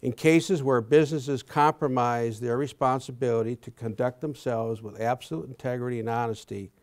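A man in his sixties giving a prepared talk to a university audience, halting often with fillers and restarts. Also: mid-range voice, steady tone, darkish tone. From Wisconsin. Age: 60s. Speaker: guest speaker.

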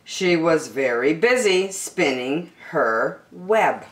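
A woman's voice: low-pitched, slow, reverberant. Sing-song woman reading a children's story. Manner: animated, sing-song read-aloud voice. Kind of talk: reading a picture book aloud to children.

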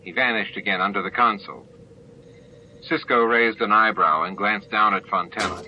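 A man narrating an amateur audiobook in steady storytelling. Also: on the low side, moderate pace, muffled recording, background noise. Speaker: audiobook reader.

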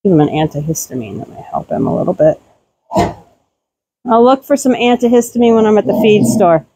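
A woman talking casually while doing farm chores outdoors around a barn, cooing at her animals in a high baby-talk voice. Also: expressive, fairly quick, warm tone, slightly rough, no echo, rough recording. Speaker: homesteader vlogger. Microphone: handheld camera.

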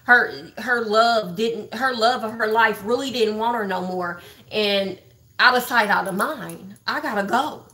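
A woman's voice: fairly high pitch, measured pace, bright, forceful tone. A woman hosting a livestream, gossiping bluntly and profanely about online drama straight to her viewers. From Texas. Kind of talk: casual livestream commentary.

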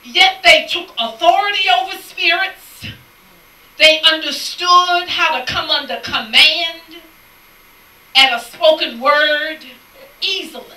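A woman preaching a sermon, telling a lively story and acting out the people in it, sometimes shouting and laughing. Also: high voice, slow. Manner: animated storytelling, acts out quoted people; shouts and laughs between lines. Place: church sanctuary. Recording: echoey church sound from a distant mic.

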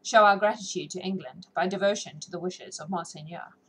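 A woman's voice: lowish voice, a little fast, a little hiss or hum, close to an everyday voice, poor audio. A woman reading the part of a rigid, cold elderly countess in a classic novel audiobook, stiff and formal. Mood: frosty.

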